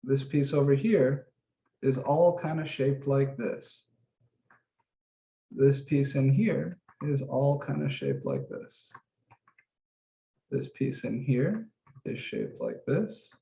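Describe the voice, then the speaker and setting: A man teaches math in a relaxed office-hour session, talking through each step as he works. His voice is gravelly and mellow, with a darker tone. The recording sounds roomy and slightly dull. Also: mid-range voice, takes it slowly, long pauses. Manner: casual and relaxed, talks through each step, occasional mild swearing. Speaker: math instructor. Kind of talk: office-hour lesson, thinking aloud while drawing.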